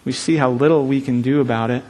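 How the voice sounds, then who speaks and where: A man preaching a sermon in an earnest, emphatic way, slowing down to stress key phrases. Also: medium pitch, steady tone, dark tone.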